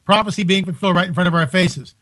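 A man hosting a live talk radio show from home, incredulous and animated, restarting his sentences often. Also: sits high, fast, low-quality recording.

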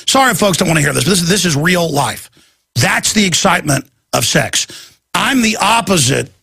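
Gravelly, rambling man ranting as host. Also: on the high side, sharp tone, no room sound. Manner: rambling, stammering repeats. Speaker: talk show host. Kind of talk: ranting monologue.

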